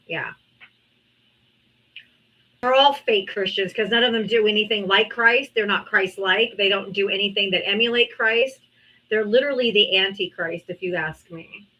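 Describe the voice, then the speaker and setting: A woman's voice: mid-range voice, bright, forceful tone, poor audio. A woman hosting a live political debate stream, talking in a brash, mocking, profane way.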